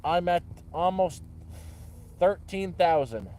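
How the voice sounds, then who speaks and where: Guy rambling at a campfire, mellow and a bit high, swears a lot. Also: animated, slow. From Canada. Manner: rambling, repeats himself with restarts and swearing. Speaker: vlogger. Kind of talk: casual rambling chat. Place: outdoors by a campfire.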